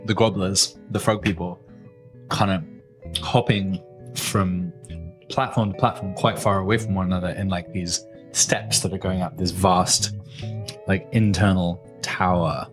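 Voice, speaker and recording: A man narrating as game master of a tabletop role-playing game, describing scenes in a relaxed, meandering way. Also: low-pitched, a little slow, soft background music.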